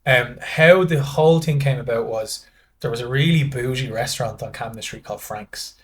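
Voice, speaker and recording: There's a little hiss or hum behind this Dublin-accented Irish man, a podcast guest with a medium-pitched voice and moderate pace. He tells rambling stories in casual chat, frequently starting over and performing the dialogue.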